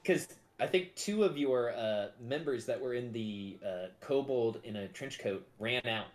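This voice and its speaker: A man's voice: mid-range voice, a little slow. A man running a tabletop game as game master, narrating in an easygoing, amused way.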